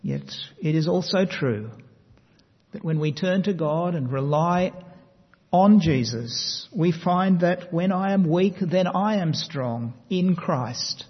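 High-voiced man preaching in a reverberant hall. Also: animated, breathy edge. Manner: measured, emphatic delivery with slow stressed phrases. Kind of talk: sermon. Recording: long reverb, dull lo-fi sound.

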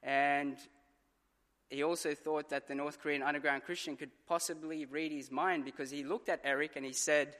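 A man's voice: on the high side, fairly even intonation, moderate pace, a bit bright. A man preaching a sermon as pastor, telling stories earnestly and acting out what others said. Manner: earnest storytelling with dramatized quotes. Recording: long church reverb.

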